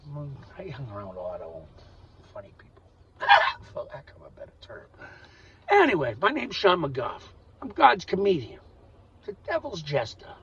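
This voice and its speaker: A man delivering a rambling, profane monologue rant, volatile and swinging between loud outbursts and muttering. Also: on the high side, wildly swooping pitch, moderate pace, slightly rough. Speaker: vlogger. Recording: distant dull recording with faint noise.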